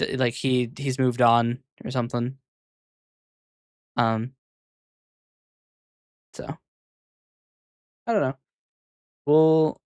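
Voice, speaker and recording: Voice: mid-range voice, darkish tone, no room sound, studio quality. A VTuber streamer chatting casually on a live stream, rambling and hesitant, often muttering to themself.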